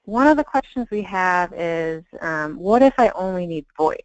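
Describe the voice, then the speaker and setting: A woman's voice: fairly low pitch, expressive, moderate pace, darkish tone, dry recording, poor audio. Brief: female webinar moderator, reads questions, hesitant ums, dry sound. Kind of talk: reading audience questions.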